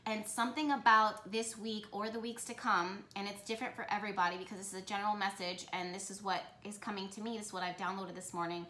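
Excited lady doing a tarot reading, keeps restarting her words, roomy echo. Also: mid-range voice, fast talker, hardly any pauses. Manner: excited, rambling, self-correcting. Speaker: tarot reader.

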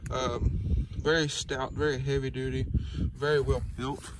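A man reviews his truck hitch outside in a mid-range voice at a measured pace, with a noisy background. His delivery is relaxed and meandering, peppered with "um" and "y'all."

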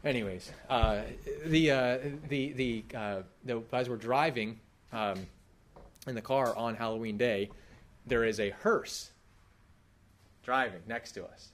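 A man's voice: mid-range voice, slow pace. Conversational male preacher. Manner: conversational, animated, asks the congregation questions. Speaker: pastor. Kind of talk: sermon. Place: church hall.

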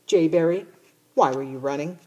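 A woman's voice: low voice, normal speed, warm tone, dull audio. A woman reading aloud, voicing a worried country mother questioning her son in a storybook.

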